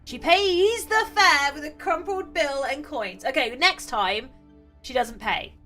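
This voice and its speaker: A woman streamer reading a story game aloud, reacting with quick, excited outbursts. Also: high-pitched, soft background music.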